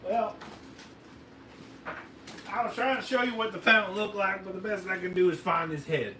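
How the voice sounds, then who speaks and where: A high-pitched man with a sharp tone and fairly even intonation speaks at a moderate pace. He hosts a fireworks video in a put-on Southern drawl, folksy and joking as he rambles through a demonstration for a camera operator. The sound, from the camera mic, is roomy and distant with faint noise.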